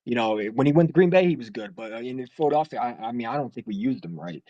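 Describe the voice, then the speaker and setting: A man's voice: mid-range voice, lively intonation, fast, warm tone, dry recording, muffled recording. A man calling in to a sports talk show, talking casually in a rambling, heated way with many restarts. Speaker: caller. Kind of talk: casual sports call-in chat.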